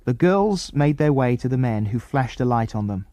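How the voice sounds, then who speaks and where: A man narrating a children's adventure audiobook in an expressive, lively reading style. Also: mid-range voice, normal speed, dry recording, studio quality. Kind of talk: scripted storybook narration.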